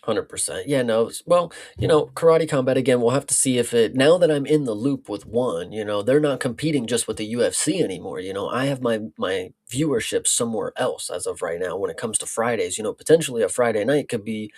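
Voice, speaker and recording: A man's voice: mid-range voice, a little fast, few pauses, darkish tone. A man co-hosting a casual podcast, talking bluntly and loosely with plenty of swearing. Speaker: podcast co-host. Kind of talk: casual chat.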